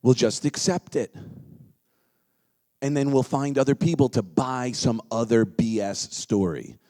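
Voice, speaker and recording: A man giving an energetic motivational seminar talk, leading the crowd in chants and dropping into quiet asides. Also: medium pitch, unhurried. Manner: energetic, leads crowd chants, swings between loud calls and quiet asides.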